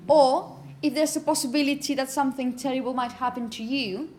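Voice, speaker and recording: A woman teaching phonetics to a class, saying example words slowly and often asking "okay?". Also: high-pitched, steady tone, a little mellow, a little hiss or hum. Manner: repeats words slowly to model pronunciation; asks "okay?" often to check understanding. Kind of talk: classroom lecture.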